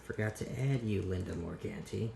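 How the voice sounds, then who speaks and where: Podcast dude rambling and swearing, low gravelly voice, faint hiss behind. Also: male voice, normal speed, warm tone. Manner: rambling, restarts, casual swearing. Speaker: podcast host. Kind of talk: casual solo podcast chat.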